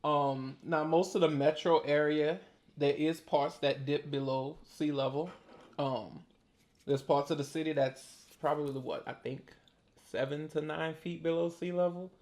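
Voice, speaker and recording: A man's voice: on the high side, measured pace. A man with a New Orleans accent, chatting casually and laughing easily while eating. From New Orleans, Louisiana. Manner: relaxed, talkative, laughs often. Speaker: host.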